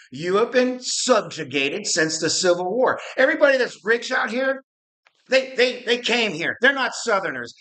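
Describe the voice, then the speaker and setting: High bright ranting man. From Arizona. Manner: ranting, profane, rambling with restarts. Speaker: podcast host. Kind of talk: fired-up political rant.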